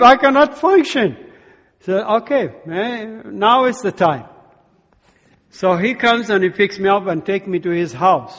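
A man giving a testimony as a sermon, telling his story and acting out the dialogue with lively energy. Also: sits high. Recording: long hall reverb.

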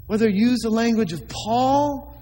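A man's voice: very high voice, normal speed, mellow, big-room sound, a little hiss or hum, rough recording. A man preaching a sermon as a pastor, emphatic, with many rhetorical questions to the congregation.

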